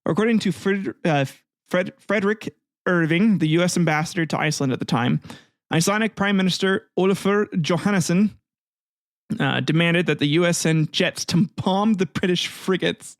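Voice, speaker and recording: A man's voice: high-pitched, moderate pace, no echo, studio quality. Profane, irreverent man hosting a history podcast. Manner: profane, irreverent, laughs often. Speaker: podcast host. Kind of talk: comedic history podcast narration.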